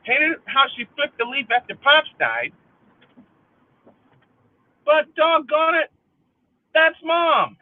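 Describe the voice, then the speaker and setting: A man's voice: very high voice, big pitch swings, takes it slowly, pauses often, no room sound. A middle-aged man hosting a livestream, venting in an angry, profane monologue and repeating lines for emphasis. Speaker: livestream host. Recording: tinny phone-like sound.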